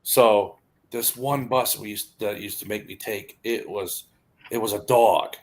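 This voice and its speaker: A man's voice: on the low side, steady tone, a little slow. Man telling rambling stories. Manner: rambling anecdotes with frequent laughs and restarts. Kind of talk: casual storytelling chat.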